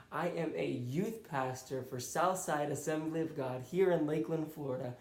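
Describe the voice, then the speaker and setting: Young man, faith testimony, earnest conversational storytelling, slightly high voice, echoey room. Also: darkish tone. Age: young adult. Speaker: college student and youth pastor. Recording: roomy echo.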